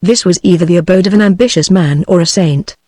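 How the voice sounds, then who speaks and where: A text-to-speech woman's voice with a British accent, reading a novel aloud in a steady, machine-even audiobook narration. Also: lowish voice, fast talker, breathy edge, dry recording. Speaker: audiobook reader.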